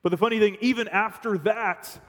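A man with a high voice preaches a sermon, swinging from loud, excited bursts to hushed, almost whispered lines. A long reverb from the hall trails behind every phrase. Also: fairly quick. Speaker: pastor.

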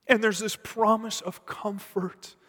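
A man preaching a sermon as pastor, swinging between loud emphasis and hushed, near-whispered lines. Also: high voice, flat delivery, takes it slowly. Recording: long reverb from a large hall.

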